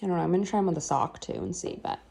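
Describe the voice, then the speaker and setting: A woman's voice: lowish voice, very animated, rapid-fire, gravelly, dark tone, slight background noise. A woman chatting casually at home in a rambling way, with many fillers. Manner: baby talk to her pets. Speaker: vlogger. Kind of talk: casual chat.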